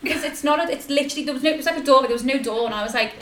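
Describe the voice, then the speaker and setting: A young woman with a high, bright-sounding voice tells stories in a casual chat, laughing as she goes. The sound is roomy and echoey, with clear noise behind her. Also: very fast. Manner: animated storytelling, laughs often. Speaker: podcast guest.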